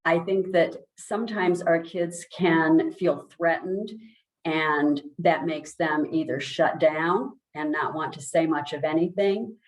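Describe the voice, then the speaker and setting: A woman speech language pathologist giving a calm, explanatory presentation, with many ums and restarts. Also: low-pitched, roomy sound, poor audio. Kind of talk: informal presentation.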